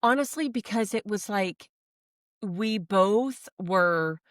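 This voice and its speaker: A woman co-hosting a podcast from home with her husband, chatting casually, quick to agree and laugh. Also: medium pitch, fairly bright tone, no echo, studio quality. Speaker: co-host, wife. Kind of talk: casual chat.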